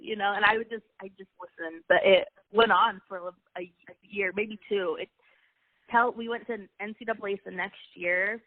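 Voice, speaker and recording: Over a dry, tinny phone-like line, a wrestling coach's wife shares casual stories from her life as an interview guest. She is young, with a medium-pitched voice, fairly even intonation and moderate pace, and she talks in a chatty, emotional way, frequently starting over.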